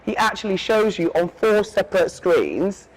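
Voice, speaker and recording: A woman's voice: mid-range voice, sing-song, moderate pace, a loud crowd, poor audio. A woman from England giving heartfelt, emphatic interview answers and often checking in with "yeah?". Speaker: interview guest.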